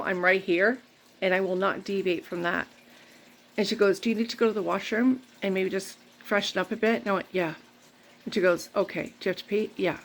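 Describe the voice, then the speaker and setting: Gravelly-voiced woman telling a candid personal story. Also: mid-range voice, a bit bright. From Canada. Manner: rambling, candid, faith-filled. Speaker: vlogger.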